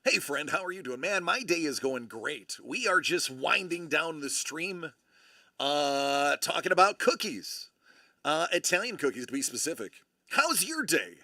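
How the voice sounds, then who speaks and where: Animated, gravelly-voiced man chatting on a livestream. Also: on the high side, unhurried. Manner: rambling, animated, self-correcting. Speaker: livestream host. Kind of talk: casual live-stream chat.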